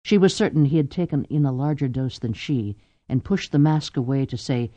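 A man reading an audiobook with expressive narration. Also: medium pitch, moderate pace, no echo, dull audio. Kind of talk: scripted narration.

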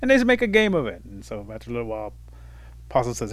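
A man telling a traditional animal tale in a relaxed, conversational way, with fillers. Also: mid-range voice, racing. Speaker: storyteller. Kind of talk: oral folk storytelling.

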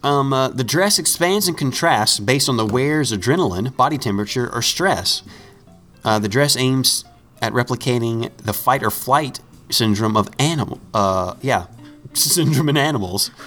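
Man host, mid-range voice, relaxed comic delivery, light music underneath. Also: mid-range voice, normal speed. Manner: reads news items, laughs often, easygoing. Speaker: podcast host. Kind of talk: casual comedic chat.

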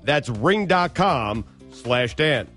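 A man's voice: mid-range voice, sing-song, slow, a bit bright, soft background music. A man co-hosting a sports radio show, bantering playfully and reading an ad. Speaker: radio co-host.

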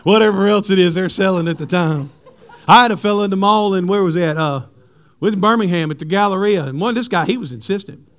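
A male pastor, preaching a sermon with animated, humorous stories for his congregation. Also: sits high, brisk. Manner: animated storytelling, jokes with the congregation.

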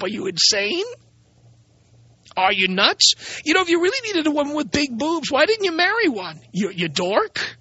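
Male radio host, sarcastic ranter, high and bright, dry close sound. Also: sing-song, normal speed, no echo, highs cut off. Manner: blunt, ranting, sarcastic. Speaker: radio talk show host. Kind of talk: opinionated radio monologue.

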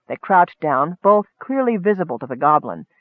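A man reading a fantasy story aloud in a steady, measured way. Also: a little high, dry recording. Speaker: audiobook narrator. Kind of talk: scripted fantasy narration. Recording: dry tinny phone-like audio.

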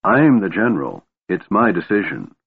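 A man's voice: sits low, very animated, normal speed, creaky, husky, full character voice. A man voicing a proud young elf woman general who speaks coldly and imperiously, on a tinny phone-like recording. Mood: defiant.

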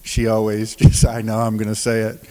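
A man preaching as a pastor of a recovery ministry, telling stories from the pulpit in a halting, restarting way and often laughing as he talks. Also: fairly low pitch, monotone, a little mellow, big-room sound. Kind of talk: sermon with storytelling. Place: church sanctuary.

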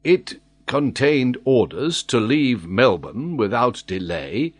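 A man with a husky voice reading the lines of a faithful old sailor who answers calmly and plainly, in an audiobook. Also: mid-range voice, slow. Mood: puzzled. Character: faithful old male ship's sailor, bewildered.

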